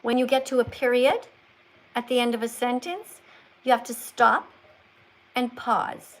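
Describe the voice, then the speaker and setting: High-voiced woman coaching like a teacher. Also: a little slow, low-quality recording. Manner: teacherly, coaxing, talks as if to a child. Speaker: livestream host. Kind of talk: livestream chat, coaching a caller to read.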